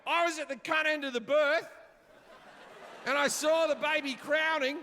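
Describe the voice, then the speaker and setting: A man's voice: very high-pitched, steady tone, normal speed, sharp tone. A middle-aged man performing a stand-up set, telling stories in a brash, profane way. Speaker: stand-up comedian. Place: comedy stage before a live audience. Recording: live hall reverb, audience noise.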